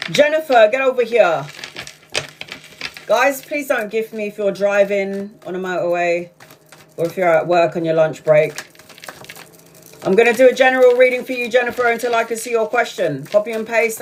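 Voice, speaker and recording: A woman doing a casual live-stream tarot reading, chatty and excitable, swearing freely and calling her viewers sweetheart. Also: mid-range voice, background noise. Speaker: tarot reader.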